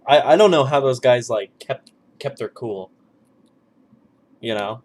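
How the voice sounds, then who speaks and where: A young man chats casually with a friend, sounding laid-back and easygoing. His voice sits in a middle range. He often lets his sentences drop into low mumbles. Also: expressive, a little slow. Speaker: host. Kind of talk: casual chat.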